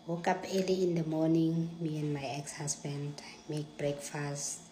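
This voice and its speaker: A South African woman telling a personal story in a lively, dramatic way, acting out the dialogue and dropping into hushed asides. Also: sits low, measured pace, a little hiss or hum. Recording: echoey room.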